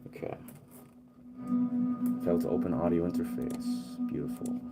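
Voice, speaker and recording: A man's voice: deep voice, animated, a little slow. A man streaming as a music producer, talking casually to himself and his chat while troubleshooting his setup.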